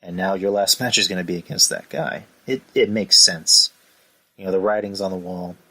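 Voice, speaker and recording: Male podcast host, low voice with a forceful edge, rambling casual talk. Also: steady tone, normal speed. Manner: rambling, full of "you know" and sighs. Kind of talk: casual chat.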